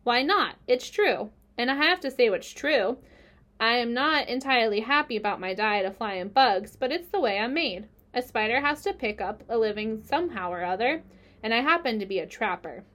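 A woman's voice: a little high, expressive, normal speed, a bit bright. A woman voicing a clever female spider in a storybook reading, with a thin, pleasant voice and a composed, matter-of-fact way of talking. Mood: frank.

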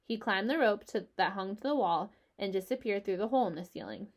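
A woman narrating a children's book aloud in a steady, expressive storytelling manner. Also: mid-range voice, fairly quick.

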